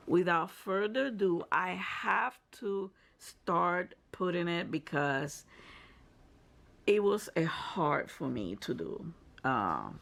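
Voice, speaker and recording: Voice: mid-range voice, gravelly, a bit bright. A crafter and channel host giving a casual review and tutorial, chatty and explanatory, often restarting phrases mid-sentence while showing materials to the camera.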